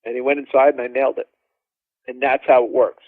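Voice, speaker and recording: Chatty drummer guest on a tinny line. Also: male voice, mid-range voice, fast, no room sound. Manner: animated, rambling, acts out quoted dialogue. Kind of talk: casual storytelling interview. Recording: dry tinny phone-like line.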